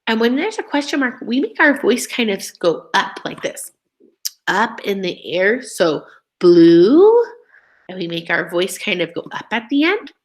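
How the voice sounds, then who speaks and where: A woman teacher giving a reading lesson to young children, reading poems aloud in a slow, expressive, sing-song way. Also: fairly high pitch.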